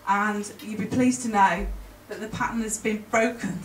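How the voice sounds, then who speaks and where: A woman gives a presentation in a conference hall, sounding emotional and conversational but stumbling into restarts. Her pitch is medium and her intonation fairly even. Recorded from afar in the spacious room, the audio carries faint ambience plus a little hiss or hum.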